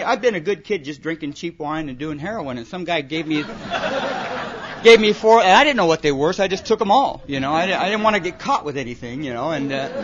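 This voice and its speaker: A middle-aged man speaking at a recovery meeting, telling comic stories in a loose, animated way with plenty of "you know" and "man.". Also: fairly high pitch. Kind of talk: storytelling talk to a live audience. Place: meeting hall with a laughing audience. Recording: dull lo-fi live recording with audience.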